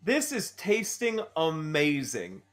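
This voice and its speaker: Man, game master, high voice, very animated, playful narration. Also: slow, soft background music.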